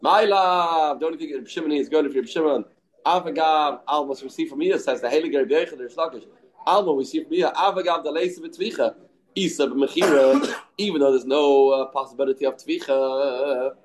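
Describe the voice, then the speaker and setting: A man teaching a daily Talmud lesson, arguing both sides in quick English laced with Aramaic and Yiddish terms. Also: a little high, rough recording. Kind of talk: daf yomi Talmud lesson.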